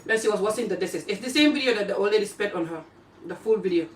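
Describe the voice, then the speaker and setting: A chatty woman from Africa talks through a casual live vlog at home, drifting from one topic to the next. Her voice sits at an ordinary middle pitch. The phone is set a little way off, so the room sound comes through with a faint hum behind her. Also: fast talker. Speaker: vlogger. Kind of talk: casual live-stream chat while eating. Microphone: phone camera pointed away from her. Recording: roomy phone audio from a distance.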